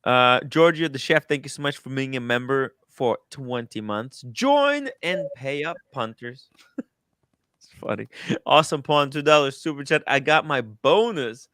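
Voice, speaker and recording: Excitable man hosting a stream. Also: mid-range voice, normal speed, clear, resonant tone, no room sound, studio quality. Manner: excitable, swears, reacts loudly to a video. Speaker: streamer host. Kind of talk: casual live-stream commentary.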